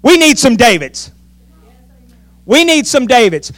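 A man preaching to his church, his voice pitched high and swinging wildly as he tells the story. He acts out the voices with energy. The sound is dry and close. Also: expressive, moderate pace, fairly bright tone, no echo. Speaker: pastor. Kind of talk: sermon.

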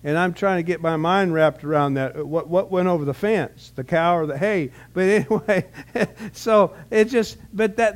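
Higher-voiced preacher. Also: male voice, normal speed. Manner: conversational preaching with frequent restarts and rhetorical questions. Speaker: pastor. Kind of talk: sermon.

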